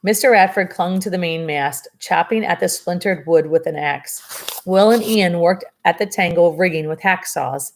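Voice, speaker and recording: A woman's voice: on the low side, normal speed, vocal fry. A woman reading a novel aloud and breaking off for chatty asides and dry sarcasm about the story. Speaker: reader of a novel. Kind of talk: reading a book aloud with commentary.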